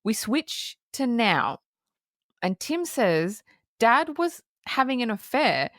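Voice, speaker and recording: A woman's voice: fairly high pitch, very animated, slow pace, a bit bright, no echo, clean studio sound. A woman co-hosting a podcast, recapping a film in casual chat and laughing often. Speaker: podcast co-host. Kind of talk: casual movie review chat.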